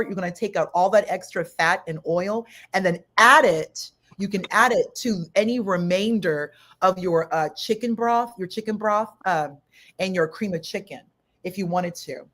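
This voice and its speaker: A woman's voice: mid-range voice, moderate pace, fairly bright tone. A woman co-host in a casual chat, giving cooking tips and explaining each step in turn.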